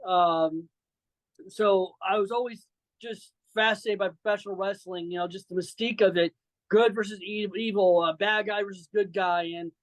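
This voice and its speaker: A man's voice: high voice, steady tone, moderate pace, dry recording, low-quality recording. A man in his forties from Saint Louis, a wrestler guest chatting loosely with lots of fillers and some brash trash-talk. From Saint Louis, Missouri. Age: 40s. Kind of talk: casual interview chat.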